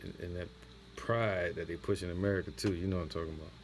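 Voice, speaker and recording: A man with a very deep voice leads an impromptu scripture lesson. He reads the verses slowly and deliberately, then breaks into loose, slangy commentary. A faint hiss sits under the recording. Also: fairly even intonation. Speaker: teacher of a religious camp.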